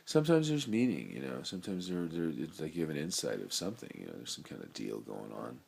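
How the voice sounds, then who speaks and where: A man's voice: very deep voice, sing-song, quick pace, creaky, slightly rough. A middle-aged man with a brain tumor, rambling through his thoughts in a free-associating personal monologue, full of laid-back slang. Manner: rambling, free-associating, swings between loud and soft.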